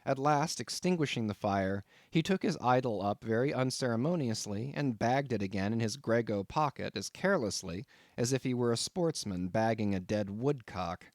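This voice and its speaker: A man narrating an audiobook of a classic novel in an expressive reading style. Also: medium pitch, moderate pace, no room sound, clean studio sound. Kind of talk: scripted narration.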